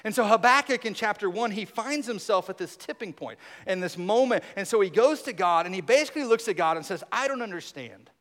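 High-voiced preacher man in a reverberant hall. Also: animated, brisk, hardly any pauses. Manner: emphatic, drops to a hush on key points. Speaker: pastor. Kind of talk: sermon.

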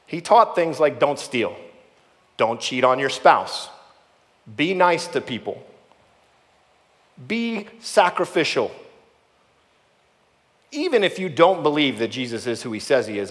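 Man, sermon, earnest, emphatic, mid-pitched voice, long hall echo. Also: fairly bright tone. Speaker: preacher.

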